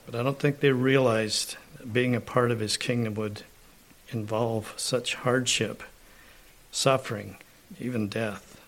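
Slow, unhurried male preacher. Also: mid-range voice, steady tone, fairly bright tone. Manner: slow, unhurried preaching with frequent throat clearing; reads scripture aloud with rising emphasis. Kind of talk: sermon.

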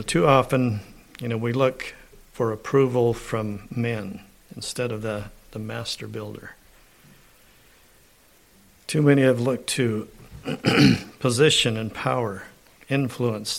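A man delivers a sermon at a slow, deliberate pace, and his pitch sits in the middle range. He often pauses to clear his throat. When he reads scripture aloud, his emphasis builds. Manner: slow, unhurried preaching with frequent throat clearing. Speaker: preacher.

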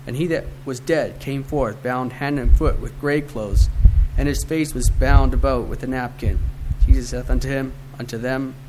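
An earnest man reads scripture and a devotional poem in a measured way, his voice sitting in a middle pitch. A steady hiss and occasional clicks run under the recording. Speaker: devotional reader.

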